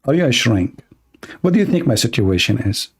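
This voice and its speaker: A man's voice: mid-range voice, very animated, brisk, breathy edge. A man hosting an online talk show, arguing in a sarcastic tone and firing off rhetorical questions. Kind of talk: argumentative commentary.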